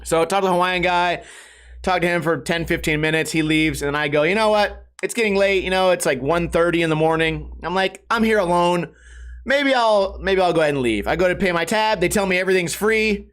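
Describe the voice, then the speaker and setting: A man's voice: brisk, a bit bright, clear, resonant tone. A man hosting his own podcast, telling a rambling, profane, self-mocking story and jumping his voice up when he acts out other people. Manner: raises pitch sharply when acting out others. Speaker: podcast host. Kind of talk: casual storytelling monologue.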